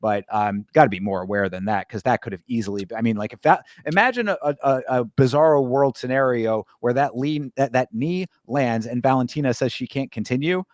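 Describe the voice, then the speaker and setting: A man's voice: mid-range voice, a little fast, hardly any pauses, no echo, studio quality. Easygoing man co-hosting a fight show. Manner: easygoing, agreeable, hedging. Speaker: co-host. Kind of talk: casual fight breakdown chat.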